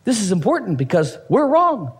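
Man, pastor, sermon, animated, husky, long hall reverb. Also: high-pitched, moderate pace. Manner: animated, acts out voices of Bible figures with humor.

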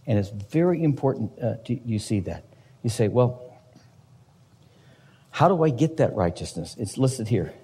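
A man's voice: mid-range voice, lively intonation, normal speed, long pauses, dark tone, slight background noise. Emphatic male pastor preaching in a hall. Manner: emphatic preaching with rhetorical questions. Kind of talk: sermon.

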